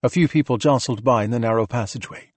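A man narrating an audiobook in a steady, measured reading voice. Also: mid-range voice, husky, no echo. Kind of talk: scripted narration.

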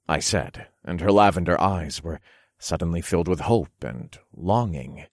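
A man narrating an erotic audiobook in the first person, calm and commanding. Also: low-pitched, measured pace, no room sound, clean studio sound.

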